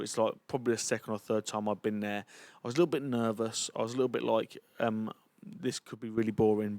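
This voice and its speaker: A man's voice: mid-range voice, no room sound. A man tells a personal testimony in an earnest, chatty manner. His voice sits in an ordinary middle register, and the recording is dry with no room sound. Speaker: church leader.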